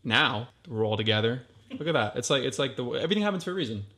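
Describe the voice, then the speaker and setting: A man's voice: mid-range voice, animated, quick pace, a bit bright. A man co-hosting a podcast in a basement, joking and teasing his guests in casual chat. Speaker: podcast co-host.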